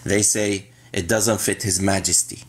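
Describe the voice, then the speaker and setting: Low-voiced guy running a jokey group chat, repeats stuff a lot. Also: measured pace. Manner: animated, joking, repeats himself. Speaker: host.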